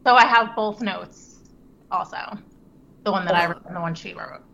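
A woman's voice: mid-range voice, normal speed, gravelly, fairly bright tone, a little hiss or hum. A woman in her thirties, a guest on a podcast, chatting in a friendly, candid way. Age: 30s. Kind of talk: casual podcast chat. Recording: dull lo-fi sound.

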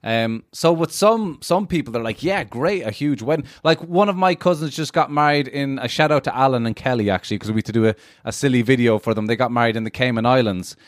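A man's voice: medium pitch, fast talker, few pauses, no room sound. Casual podcast co-host, man from ireland, laughs a lot, dry close sound. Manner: laughs often, rambling with fillers.

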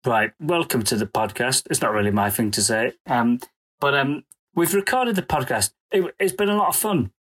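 A man's voice: medium pitch, lively intonation, normal speed, a bit bright, breathy edge. A man from the north of England, a comedian guest chatting casually on a podcast in a self-deprecating, rambling way.

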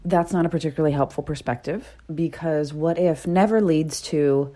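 A woman hosts her own podcast in a relaxed, earnest way. Her voice sits low and mellow, and she sometimes sinks to a soft whisper before coming back up. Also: normal speed, few pauses. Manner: earnest, animated, drops to soft whispers at times. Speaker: podcast host. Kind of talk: casual solo podcast talk.

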